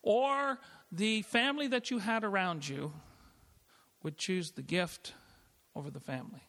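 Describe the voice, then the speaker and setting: A middle-aged man preaching in a church sanctuary, his slightly high voice ringing with a long hall reverb. He talks in an easygoing, conversational way, restarting phrases and laughing lightly as he goes. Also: measured pace, fairly bright tone. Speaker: pastor. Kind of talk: sermon.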